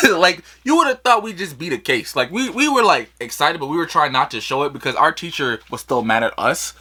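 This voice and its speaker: A man telling a funny childhood story in a casual, animated vlog style, swearing freely. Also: a little high, brisk, hardly any pauses, husky. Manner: animated, swearing, lots of fillers. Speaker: vlogger.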